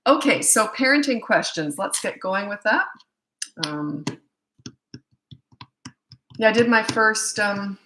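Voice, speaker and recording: A woman's voice: mid-range voice, lively intonation, slow, pauses often, sharp tone. A woman in her sixties from Canada, a parenting coach chatting casually on a live stream, rambling with fillers and self-corrections. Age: 60s. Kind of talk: casual live-stream chat reading viewer comments. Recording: echoey room.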